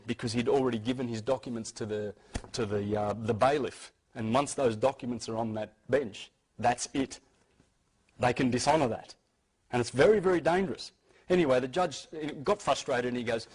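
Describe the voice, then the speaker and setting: A man talks briskly in a mid-range, breathy voice, giving an informal, insistent lecture to listeners. He keeps restarting and repeating words, and the recording sounds rough.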